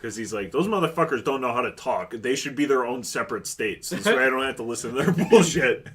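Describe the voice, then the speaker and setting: A man co-hosting a podcast, telling funny stories in a profane, animated way. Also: medium pitch, a little fast, slightly rough. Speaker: podcast co-host. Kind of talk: casual chat.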